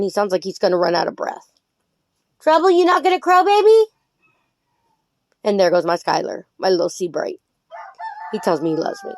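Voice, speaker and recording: A woman's voice: medium pitch, no echo. Outspoken woman vlogger, emphatic. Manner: outspoken and emphatic, repeating points; sweet baby talk when calling her chickens. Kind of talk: casual to-camera commentary.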